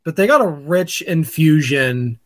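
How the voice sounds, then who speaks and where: A man co-hosting a sports podcast, chatting in a joking, animated, opinionated way. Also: a little high, unhurried. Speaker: podcast co-host. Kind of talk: casual sports podcast chat.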